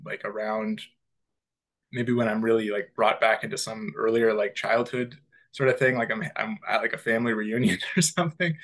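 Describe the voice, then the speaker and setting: Male podcast co-host, mid-pitched, casual, animated, loose chat. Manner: rambling, animated, quick to laugh, many "like" fillers.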